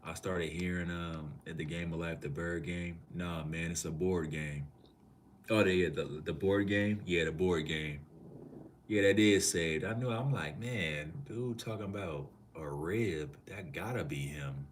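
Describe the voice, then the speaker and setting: A very deep, low-pitched man from Minneapolis talks loosely and casually on a live stream. He reads out comments from chat and answers them in relaxed slang. A faint hum of noise sits behind his voice. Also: a little slow.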